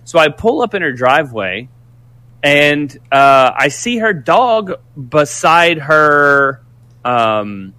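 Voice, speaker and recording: Animated, profane man telling a story. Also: fairly high pitch, slow, dry recording. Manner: animated, profane, rambling with restarts. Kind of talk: casual storytelling.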